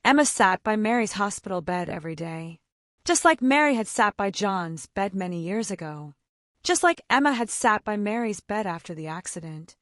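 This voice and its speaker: A woman narrating an emotional story in a measured, heartfelt way. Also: medium pitch, expressive, a bit bright, no echo, studio quality.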